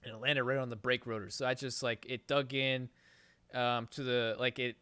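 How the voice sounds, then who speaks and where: The host's voice is mid-range and smooth, moving at a moderate pace as he casually recounts a long story on his podcast. He curses nonstop and drifts into rambling tangents, keeping things animated. No room sound is audible.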